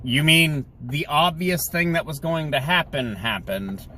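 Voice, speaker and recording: Man, podcast host, sarcastic solo rant, fairly high voice, recorded while driving, faint road hum behind. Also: measured pace, sharp tone, rough recording. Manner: sarcastic, mocks others in shrill put-on voices. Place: in a car. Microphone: phone or camera mounted in the car. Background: faint car and road noise.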